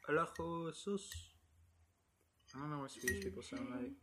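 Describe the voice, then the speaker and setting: A man's voice: medium pitch, big pitch swings, racing. A teenage boy co-hosting a casual podcast chat in a laid-back, drawling, joking way. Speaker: podcast co-host. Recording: noisy home recording.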